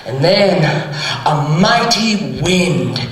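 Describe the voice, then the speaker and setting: A man's voice: a little high, expressive, extremely slow, a bit bright. Flamboyant man retelling scripture on stage. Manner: flamboyant, campy asides. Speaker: pastor. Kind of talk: comedic Bible storytelling. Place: theatre stage. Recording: echoey stage heard from far off.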